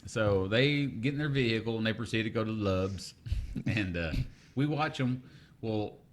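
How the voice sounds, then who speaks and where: A man's voice: fairly low pitch, unhurried, slight background noise. A young man, co-hosting a podcast and telling a story in casual chat, acting out the voices he quotes. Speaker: podcast co-host.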